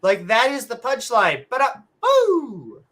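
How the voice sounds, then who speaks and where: A woman's voice: on the low side, expressive, a little slow, a bit bright. A woman co-hosting a podcast, ranting bluntly and sarcastically in casual chat and swearing freely. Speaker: podcast co-host.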